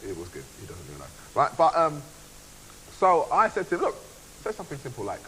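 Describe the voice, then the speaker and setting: A man's voice: a little high, huge pitch swings, a little fast, a little hiss or hum, rough recording. Playful man giving a video-diary tour. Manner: playful, chatty, drops to hushed asides. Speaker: reality show contestant.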